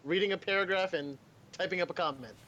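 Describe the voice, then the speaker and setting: High-voiced man ranting about anime. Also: fast, highs cut off. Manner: profane, animated storytelling with laughs. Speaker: podcast co-host. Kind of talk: casual anime podcast chat.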